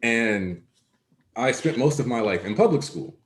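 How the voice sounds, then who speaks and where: A man hosting a casual chat, relaxed and joking as he rambles through a story. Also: mid-range voice, a little slow. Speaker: podcast host. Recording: echoey room.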